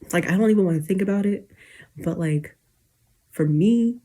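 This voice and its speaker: A woman's voice: mid-range voice, moderate pace, warm tone. A woman in her twenties ranting casually to camera late at night, rambling with lots of fillers and holding back tears as she gets emotional. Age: 20s. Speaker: YouTuber.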